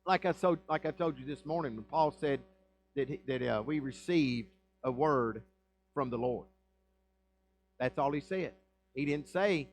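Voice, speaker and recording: A man's voice: mid-range voice, rough recording. A man preaching a sermon as pastor, reading scripture and explaining it in a conversational way with rhetorical questions and asides. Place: church.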